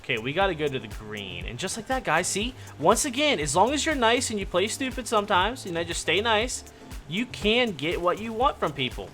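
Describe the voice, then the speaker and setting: Bright-voiced joking gamer man. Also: sits high, sing-song, fairly quick, faint music behind. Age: adult. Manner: joking, rambling, yelps when startled. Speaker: gaming YouTuber. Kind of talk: casual gaming commentary.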